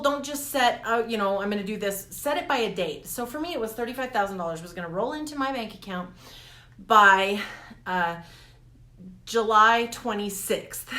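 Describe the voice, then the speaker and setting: A woman talking straight to her viewers in a casual motivational vlog, animated and laughing often. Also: a little high. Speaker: coach vlogger. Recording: echoey room.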